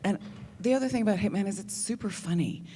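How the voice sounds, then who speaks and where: A woman answering thoughtfully as a panel guest, measured and pausing to restart. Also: medium pitch, mellow, long reverb tail, slight background noise.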